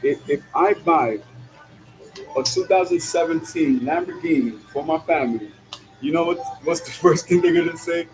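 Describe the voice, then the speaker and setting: A man's voice: on the high side, moderate pace, poor audio. A man in a casual monologue, slangy and full of "yo", laughing often as he talks while driving. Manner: slangy, peppered with "yo" and "you know what I'm saying"; laughs often between lines. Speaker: vlogger. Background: music.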